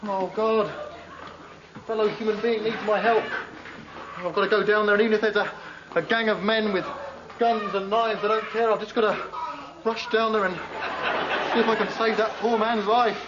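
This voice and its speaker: An actor playing a cowardly man who frets aloud about rushing to help someone. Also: high voice, steady tone, close to an everyday voice. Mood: fretful. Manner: fretful, breathless self-talk. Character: cowardly man dithering over a rescue. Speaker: sketch performer. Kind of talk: comic monologue before a live audience. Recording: dull echoey recording with loud noise.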